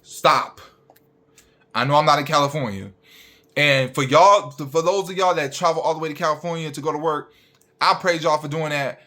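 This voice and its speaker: A man's voice: a little high, normal speed, pushed and bright. A young man, a registered nurse, ranting bluntly and profanely straight at his viewers.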